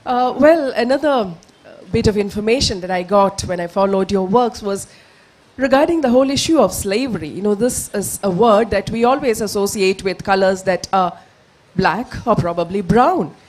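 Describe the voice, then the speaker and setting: A woman moderating a literature festival panel, asking her questions in a measured, formal way. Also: medium pitch, a little mellow.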